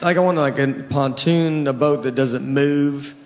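A man's voice: mid-range voice, measured pace, a little mellow. A man doing stand-up comedy, rambling and exasperated as he tells a story. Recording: echoey hall with noise.

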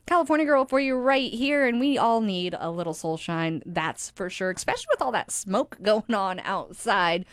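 A woman's voice: mid-range voice, animated, normal speed, hardly any pauses, no echo, clean studio sound. A woman radio DJ on a rock station, chatting through the weather and ads with a slight lisp and laughing at herself. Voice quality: slight lisp from a teeth aligner. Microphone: studio microphone.

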